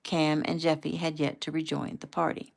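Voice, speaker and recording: A woman reading her own novel aloud at home in a relaxed, conversational way. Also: deep voice, normal speed, gravelly. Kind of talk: casual audiobook reading.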